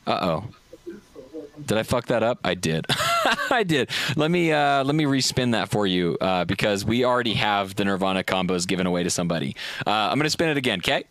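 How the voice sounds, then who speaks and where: A man's voice: fairly low pitch, huge pitch swings, a little fast, a bit bright, dry recording. A man hosting a casual live call-in podcast, rambling and gushing thanks while tipsy from shots. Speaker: podcast host.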